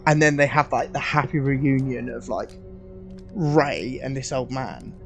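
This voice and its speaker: A man streaming casually, rambling excitedly with lots of fillers and swearing as he thinks aloud. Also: mid-range voice, unhurried, creaky, soft background music.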